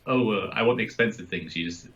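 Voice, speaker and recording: A man's voice: fairly low pitch, quick pace, dull audio, slight background noise. A man co-hosting a podcast, chatting casually and hesitantly with many fillers. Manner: hesitant, full of fillers and soft laughs. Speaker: podcast co-host. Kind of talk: casual chat.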